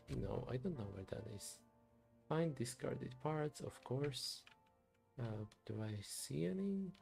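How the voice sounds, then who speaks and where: A man streaming a story game, softly thinking aloud to himself as he plays. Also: mid-range voice, animated, slow, creaky, faint music behind. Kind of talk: quiet game commentary.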